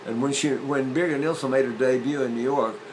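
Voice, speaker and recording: An older man teaching singing, explaining breathing with lively demonstrations, often repeating and restarting phrases. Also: mid-range voice, a little fast, noisy background. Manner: animated, illustrating points with sung demonstrations. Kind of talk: demonstrative vocal lesson.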